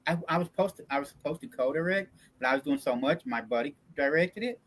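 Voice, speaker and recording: A man's voice: on the high side, expressive, fast, a bit bright. A man with a Southern Kentucky accent, hosting a casual chat about filmmaking, talking in rambling bursts with many stammered restarts. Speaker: host, indie filmmaker.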